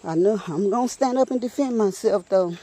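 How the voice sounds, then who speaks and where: Talking into a handheld phone while she hikes a nature trail outside, a breathless woman vlogger chats with her viewers, often addressing them as y'all. She speaks a little fast in a warm, medium-pitched voice.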